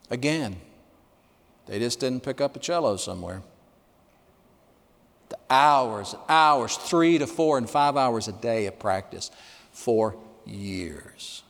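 A man in his sixties preaching a sermon, telling stories with emphasis and dropping quiet for the key lines. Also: on the low side, gravelly, big-room sound. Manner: storytelling, emphatic, drops to quiet for punchlines. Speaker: pastor.

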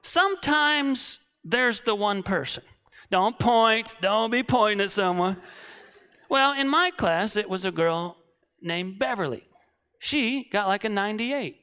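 A man in his late thirties preaching, telling a comic story that swings from shouting to hushed. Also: sits high, lively intonation, unhurried, clean tone. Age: 30s.

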